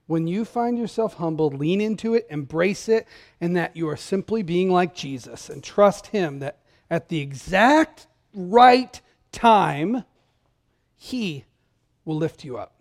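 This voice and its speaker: High-voiced man preaching a sermon. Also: animated, unhurried. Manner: conversational, direct address to congregation; swings from loud emphatic calls to hushed tender lines. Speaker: pastor.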